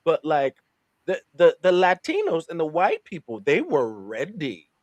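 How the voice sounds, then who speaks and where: A man on a podcast telling stories in an animated, halting way. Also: a little high, dry recording. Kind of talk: casual anecdote telling.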